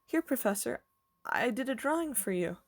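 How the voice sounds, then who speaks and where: A shy, eager little girl in a storybook, soft and earnest, her voice lifted a little higher, as a woman reads her aloud. She sounds wondering and sincere. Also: expressive, moderate pace, gravelly.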